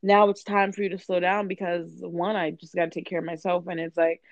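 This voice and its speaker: A woman's voice: fairly low pitch, level tone, fairly quick, no room sound. A young woman in candid, profane casual chat, acting out her own conversations as she tells them. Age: young adult. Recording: dull lo-fi dry sound.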